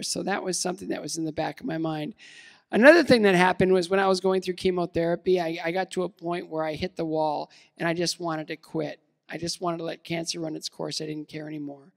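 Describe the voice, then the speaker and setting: In a large event hall with long, echoing reverb, an American keynote speaker in his fifties gives a casual, self-deprecating motivational talk with plenty of fillers and restarts. His high-pitched voice carries noticeable vocal fry.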